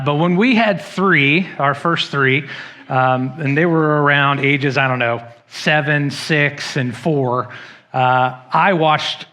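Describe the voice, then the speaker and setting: A man's voice: mid-range voice, sharp tone. A middle-aged male pastor preaching a sermon in a church, telling stories with self-deprecating humor and acting out quotes. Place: church sanctuary.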